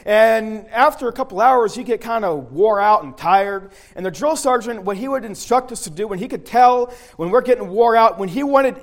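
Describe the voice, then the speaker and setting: High-voiced man preaching a folksy sermon. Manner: folksy storytelling, repeats and restarts phrases. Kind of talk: sermon with personal army story.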